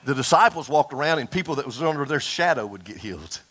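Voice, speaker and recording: A man preaching a fiery sermon to his congregation, folksy and animated, calling out for amens. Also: mid-range voice, fast, slightly rough. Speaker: pastor. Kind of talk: impassioned Pentecostal-style sermon. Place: church service before a congregation.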